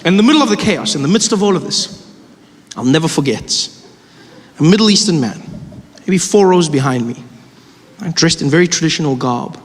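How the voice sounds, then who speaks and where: A man telling a stand-up story on stage, animated, acting out every side of the dialogue. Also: on the high side, fairly quick, pauses often. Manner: animated, acts out both sides of dialogue. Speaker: stand-up comedian. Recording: live stage with hall reverb.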